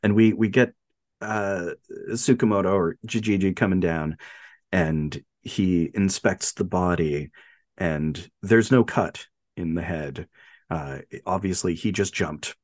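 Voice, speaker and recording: A man's voice: low voice, slow pace, a little mellow, no echo, studio quality. A man co-hosting a podcast, retelling a film plot in casual chat and acting out quotes in a raised voice. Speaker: podcast co-host.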